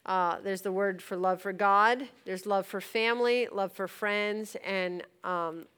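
A woman preaches in an earnest, conversational manner, now and then laughing lightly between points. Her voice is smooth and clear, at an ordinary pitch for a woman. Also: steady tone, a little slow, a bit bright. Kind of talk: teaching on deliverance and prayer.

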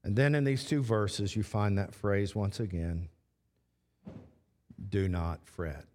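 A man preaching a sermon as pastor, slow and repetitive, stressing short phrases again and again. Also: fairly low pitch, darkish tone. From Texas. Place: church sanctuary. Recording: long church hall reverb.

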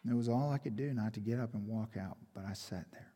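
A man preaching a sermon as pastor, telling a story dramatically, swinging from loud to hushed. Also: fairly low pitch, quick pace, husky. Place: church sanctuary. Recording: long reverb of a church hall.

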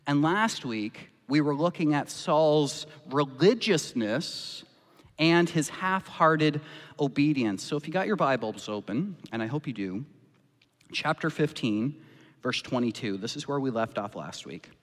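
A man's voice: fairly high pitch, lively intonation, measured pace. A man preaching a sermon as pastor, impassioned and acting out the voices he quotes. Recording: long reverb of a church hall.

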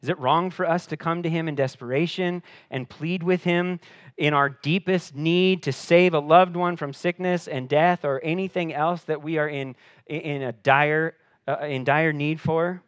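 With a steady tone and an unhurried pace, a man preaches a sermon as pastor, earnest throughout. Emphasis comes as rises in pitch and force followed by quiet drops, and he repeats words as he restarts, recorded dry.

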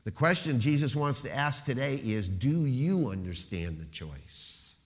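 A man preaching a sermon as pastor, emphatic, slowing to stress key phrases and dropping into rhetorical questions. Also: mid-range voice, expressive, in a large hall.

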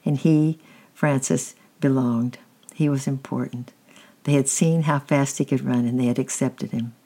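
A gentle storybook reader working through a children's chapter book aloud at an unhurried pace. The reading is plain and warm, with small slips and restarts along the way. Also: medium pitch, steady tone.

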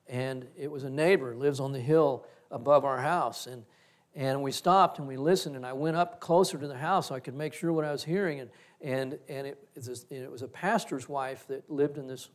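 A middle-aged male pastor giving a reflective, story-driven sermon. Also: on the high side.

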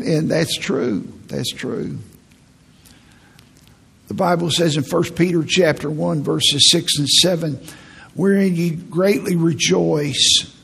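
A man preaching a sermon in a folksy, animated way, often repeating words as he goes. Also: fairly high pitch, creaky, slightly rough. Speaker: pastor.

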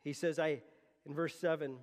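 A man with a notably high-pitched voice preaches to his congregation in an earnest, conversational way, often circling back and restarting his phrases. His voice carries with a long reverb from the church hall around him. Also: steady tone, moderate pace, a little mellow. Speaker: pastor. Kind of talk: sermon. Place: church sanctuary.

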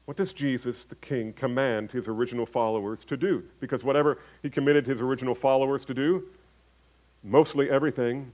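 A man preaching a sermon as pastor, swinging from loud emphatic calls to hushed low asides. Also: moderate pace. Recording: dull lo-fi sermon recording.

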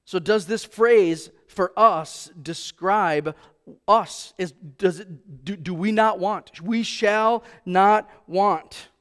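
A man with a fairly high voice preaches a sermon to a church congregation. He speaks conversationally and keeps asking the room questions. He slows right down when he quotes scripture. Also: a bit bright. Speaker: pastor.

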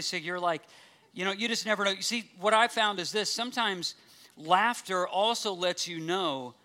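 A man's voice: sits high, pushed and bright. A man preaching a sermon in a joking, conversational way, acting out the audience's reactions. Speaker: pastor.

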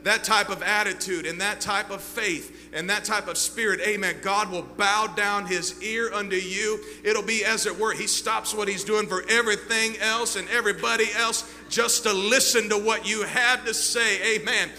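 A male pastor preaching a sermon with fervent swings between loud and hushed delivery. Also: high voice, steady tone, moderate pace, few pauses, soft background music. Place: church sanctuary. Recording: reverberant hall with faint hum.

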